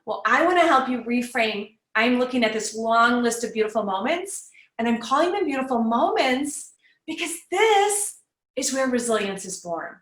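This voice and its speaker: Bright-voiced woman giving an encouraging parenting talk. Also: a little high, lively intonation, normal speed, echoey room, low-quality recording. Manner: warm, encouraging, conversational teaching. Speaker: guest speaker on parenting. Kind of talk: live online summit talk.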